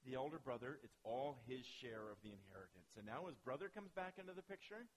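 A man preaching a sermon, retelling a story with animated dramatic pauses. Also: mid-range voice, rough recording. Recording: faint hiss.

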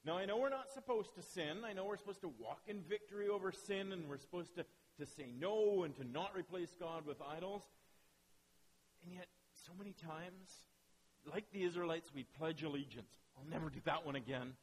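A man preaching a sermon in an animated way, firing off rhetorical questions and checking in with his listeners. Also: sits high, normal speed, breathy edge, low-quality recording.

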